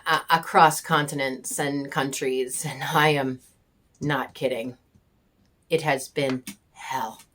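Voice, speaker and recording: A woman vlogger pours out a raw personal reflection straight to camera, bitter and angry. Her voice sits a little low, and her candid, heated talk is full of curses and halting pauses. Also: fairly bright tone, slight background noise. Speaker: homesteading vlogger.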